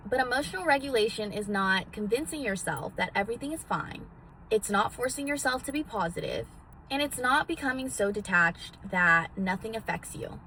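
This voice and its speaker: A woman's voice: medium pitch, pushed and bright, slight background noise. A woman vlogging casually from a parked car into a phone, theatrical and swearing freely as she gives self-help advice. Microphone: phone on a magnetic mount.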